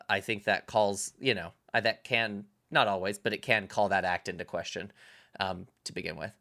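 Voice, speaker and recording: Guy rambling thru a movie chat, bright forceful voice, lots of restarts. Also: lowish voice, smooth. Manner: rambling, many restarts and fillers, swears casually. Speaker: podcast co-host. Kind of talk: casual film discussion.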